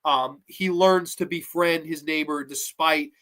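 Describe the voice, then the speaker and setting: A man hosting a podcast, chatting casually about a film in a rambling, excitable way and swearing often. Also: a little high, unhurried. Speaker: podcast host. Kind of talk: casual movie review chat.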